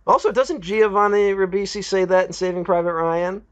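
A man co-hosting a casual film review podcast, animated and profane, slipping into mocking voices of characters. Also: high-pitched, moderate pace, clean tone, muffled recording.

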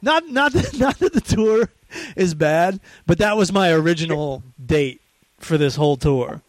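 A man with a high voice that swings widely as he tells an animated, profane story. He loudly acts out the people in it. The sound is dry and close, with no room echo. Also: a little slow. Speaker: podcast host. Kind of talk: casual phone chat.

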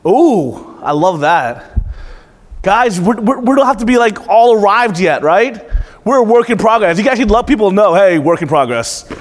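A man's voice: high voice, lively intonation, moderate pace, big-room sound. A pastor in his thirties preaching to a congregation, calling out questions and repeating back the answers with emphasis. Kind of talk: interactive sermon.

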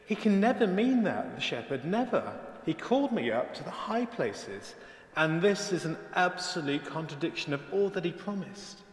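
A man's voice: medium pitch, expressive, unhurried, close to an everyday voice. A man reading a storybook aloud, voicing a frightened young female deer who pleads desperately. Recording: echoey church hall.

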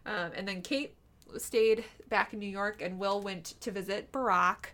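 A woman's voice: medium pitch, fairly even intonation, measured pace, a bit bright. A woman co-hosting a casual chat, rambling with many fillers and restarts. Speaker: podcast co-host.

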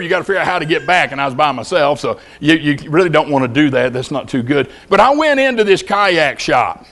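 Folksy preacher, man, fairly high voice. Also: fairly bright tone. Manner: folksy storytelling, asks the congregation questions. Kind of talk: sermon.

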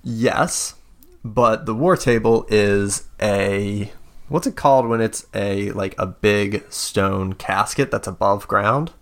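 A man's voice: on the low side, slow. Hesitant man running a tabletop game. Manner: hesitant, many fillers, voices side characters. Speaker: game master.

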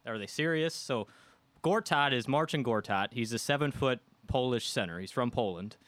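A man from the Midwest spins a casual story for a podcast, slipping into the voices of the people he quotes. His voice sits at an ordinary middle pitch, close and dry with no room sound around it. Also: lively intonation, normal speed, a bit bright, no echo. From American Midwest. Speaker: guest storyteller. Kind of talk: casual anecdote telling on a podcast.

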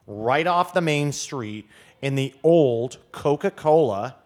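A man's voice: mid-range voice, animated, takes it slowly. A man who is a guest wine expert, talking in a casual podcast chat and telling stories in a rambling way with many fillers. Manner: rambling, lots of fillers and restarts, storytelling.

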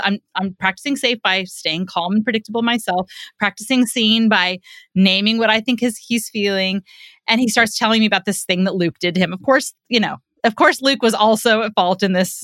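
A woman's voice: medium pitch, a bit bright, no echo. Middle-aged woman guest, earnest explainer who acts out quotes, dry recording. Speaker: psychotherapist and parenting author, podcast guest. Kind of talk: conversational storytelling, explaining.

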